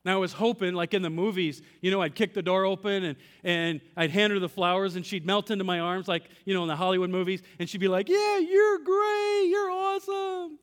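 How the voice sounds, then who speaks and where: A man's voice: high voice, fairly even intonation, quick pace, hardly any pauses, a bit bright, clean tone, in a large hall. A man preaching a sermon as pastor, telling a personal story, acting out dialogue with God and asking the congregation questions. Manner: asks the congregation direct questions.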